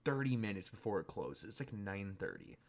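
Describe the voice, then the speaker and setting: A man's voice: lowish voice, very animated, a little fast. Young guy telling a profane story. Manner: profane, laughing, rambling. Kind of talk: casual storytelling.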